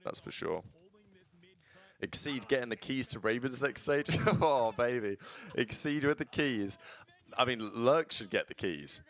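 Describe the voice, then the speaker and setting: Speaking at a measured pace in a mid-range voice, a man streams casual commentary while watching esports matches. He's blunt and swears, with sudden bursts of excited play-by-play.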